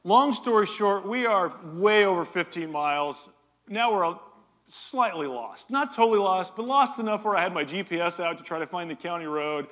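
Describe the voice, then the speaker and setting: A middle-aged man preaching a sermon as a pastor, telling a story with animated energy and joking with his congregation. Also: high-pitched, normal speed. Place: church hall.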